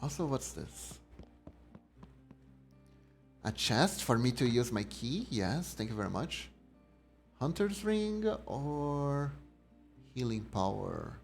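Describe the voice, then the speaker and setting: A young man streaming a game, talking in an unhurried, musing way. He reads menus and text aloud as he plays, with a mid-range voice. Faint game music plays under his talk. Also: mid-range voice, big pitch swings, creaky. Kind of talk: casual game commentary.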